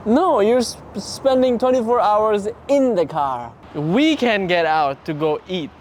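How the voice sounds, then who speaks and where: A young man with a markedly high voice teases his friend in quick, playful banter. Traffic and city noise come through clearly behind him. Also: lively intonation. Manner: teasing, playful. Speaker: friend of the vlogger. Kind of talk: casual banter.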